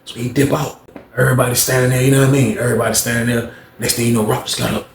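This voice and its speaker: Telling a long, casual tale, this man brings it to life by animatedly performing the characters and sound effects. He speaks in a gravelly mid-range voice at a racing pace, and the sound is reverberant.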